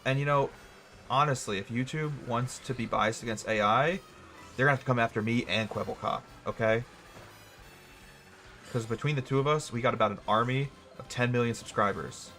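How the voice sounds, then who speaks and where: A man's voice: mid-range voice, fairly quick, sharp tone, soft background music. A young man streaming a video game live, rambling and joking sarcastically with his chat. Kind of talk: gaming livestream chat.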